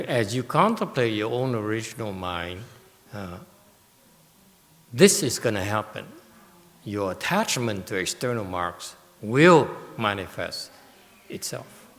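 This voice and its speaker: Slow, gravelly male Buddhist teacher lecturing in a reverberant hall; deliberate, emphatic delivery. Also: lowish voice, a bit bright. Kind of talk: Dharma lecture with questions. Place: meditation hall.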